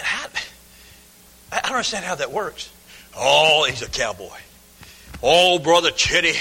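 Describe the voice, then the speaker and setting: A man's voice: on the high side, sharp tone, slightly rough. A man preaching a folksy, emphatic sermon, sometimes mimicking his listeners' excuses. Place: church sanctuary. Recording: long hall reverb.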